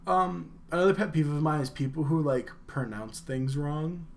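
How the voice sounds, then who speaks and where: A man's voice: fairly high pitch, normal speed. A young man co-hosting a casual dorm-room podcast, rambling with lots of fillers and restarts. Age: young adult. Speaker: podcast co-host. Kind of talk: casual chat.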